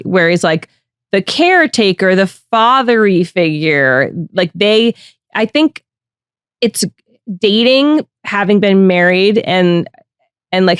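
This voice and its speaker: Smooth-voiced woman podcast host. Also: medium pitch, no echo, studio quality. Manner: frank, reflective, thinks aloud. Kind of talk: candid podcast chat.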